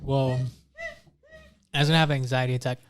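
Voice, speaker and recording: A young man co-hosts a relaxed podcast, talking loosely and laughing often. He swears casually, and his voice sits at an ordinary middle pitch. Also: fairly quick, background noise. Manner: laid-back, swears freely, laughs often. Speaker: podcast co-host. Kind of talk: casual chat.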